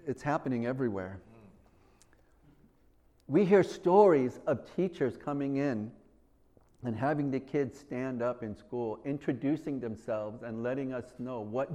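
A man's voice: medium pitch, a little mellow. A man preaching a sermon in an earnest way, often repeating himself and acting out little conversations.

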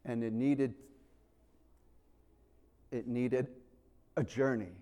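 A man preaching a sermon, telling the story with animated swings from loud to hushed. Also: mid-range voice, drawn-out words.

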